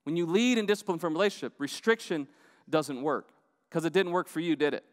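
High-voiced pastor in a reverberant church. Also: male voice, fairly quick. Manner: conversational, keeps asking the crowd "right?". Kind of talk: sermon. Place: church auditorium.

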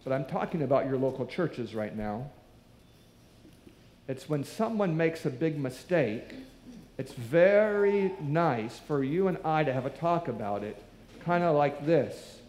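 A man with a fairly high, darkish voice and lively intonation preaches a little slowly. Within the echoey church hall, his sermon becomes a story where he voices each of the characters.

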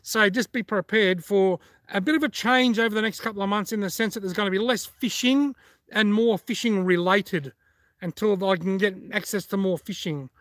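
A man's voice: high-pitched, normal speed, fairly bright tone, no room sound. A middle-aged Australian man hosting a fishing channel, chatting casually on a live stream as he reads out comments and laughs at his own jokes.

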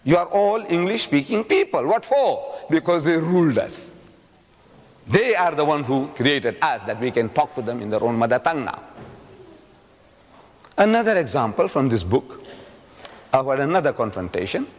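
Animated male lecturer in an echoey hall. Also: on the high side, moderate pace, pauses often. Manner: animated storyteller, rhetorical questions to the audience. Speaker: Islamic lecturer. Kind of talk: public lecture with storytelling. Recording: echoey hall with long reverb.

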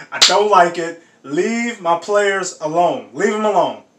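A high-voiced man hosts a sports reaction video, chatting in loose slang and bursting into shouts and laughter. He sits some distance from the mic in a roomy, echoing space. A faint hiss runs underneath. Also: slow. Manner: animated, laughing often, slangy exclamations. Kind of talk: casual reaction commentary.

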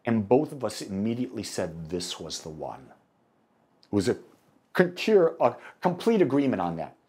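American minister guy preaching, voice going up and down a lot, acts out stories. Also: mid-range voice. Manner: animated storytelling, acts out dialogue. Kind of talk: sermon. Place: church sanctuary.

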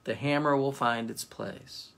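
Quiet, firm angel at the door, read by a male pastor. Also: mid-range voice, steady tone, a little slow, creaky. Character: calm, stern male angel gatekeeper.

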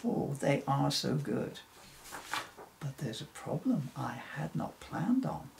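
A man playing a kindly older Santa in a storybook, unhurried and gently knowing, with a gravelly texture and lively rise and fall. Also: medium pitch, slight background noise, full character voice.

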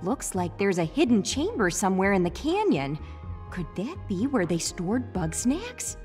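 A woman's voice: medium pitch, very animated, moderate pace, darkish tone, soft background music, lightly acted. Lady doing a sweet game character asking a favor, voice swoops all over the place. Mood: coaxing.

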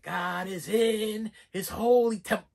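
A man voicing a menacing old male preacher ghost, drawn out slowly and eerily. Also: sits high, steady tone, gravelly, darkish tone, pitched above the performer's own voice, exaggerated voice. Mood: intoning.

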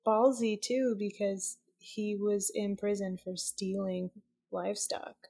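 A woman's voice: mid-range voice, fairly even intonation, mellow. Joking, chatty woman podcast co-host. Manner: chatty, quick to joke and laugh. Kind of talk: casual podcast chat.

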